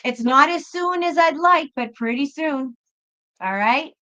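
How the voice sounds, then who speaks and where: A woman's voice: sits high, a little slow, bright, forceful tone. A woman hosting a tarot reading livestream, talking casually and reassuringly to her viewers, whom she calls folks. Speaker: tarot reader and livestream host.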